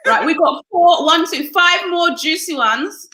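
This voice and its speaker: A woman's voice: very high voice, animated, unhurried, bright, forceful tone. A woman hosting an interview in a casual, upbeat and teasing way. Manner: upbeat, teasing, laughs often. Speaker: interview host. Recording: roomy echo.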